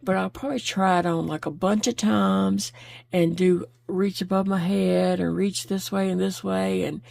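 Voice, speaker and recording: A woman's voice: mid-range voice, steady tone, moderate pace, creaky, a little mellow, no echo. A woman chatting openly while she crochets, laughing easily as she talks. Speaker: crochet vlogger. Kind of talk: casual chat while crocheting.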